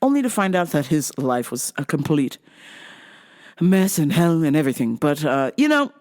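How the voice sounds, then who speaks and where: A young adult woman hosting a podcast, telling a story in a profane, casual way and laughing loudly and often. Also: deep voice, big pitch swings, normal speed. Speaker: podcast host.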